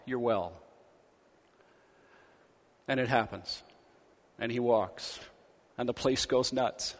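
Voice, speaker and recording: A man preaching a sermon, retelling stories with lively paraphrased dialogue. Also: fairly high pitch, long reverb tail. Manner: animated storytelling, acting out quoted figures in paraphrase. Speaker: pastor.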